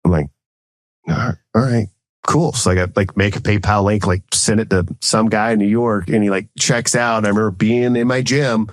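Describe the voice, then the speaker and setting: This American guest, a former Marine officer turned entrepreneur in his thirties, rambles quickly through a casual story, saying "like" in almost every phrase and performing the quoted exchanges. His lowish voice keeps fairly even intonation, and the recording has no room sound.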